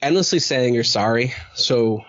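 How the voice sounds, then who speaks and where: A man's voice: mid-range voice, lively intonation, normal speed, fairly bright tone. Rambling man on a podcast, lo-fi. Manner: rambling, many fillers and restarts; acts out quoted dialogue. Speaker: podcast host. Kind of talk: casual podcast chat.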